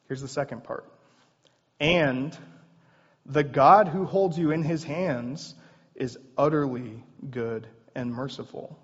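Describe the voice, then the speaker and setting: A man delivers a sermon in a relaxed, conversational way, earnest and direct with the congregation. His voice is a touch husky and sits at a middle pitch. The sound is a little dull and carries a long hall reverb. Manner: conversational, earnest preaching with casual asides. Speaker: pastor.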